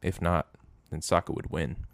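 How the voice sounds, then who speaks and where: A man with a very low voice reads a story aloud. The sound is dry and close, with no room echo. He gets louder and higher for the quoted lines. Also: steady tone, normal speed. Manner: raises pitch and volume for quoted lines. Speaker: narrator. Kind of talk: reading fan fiction aloud.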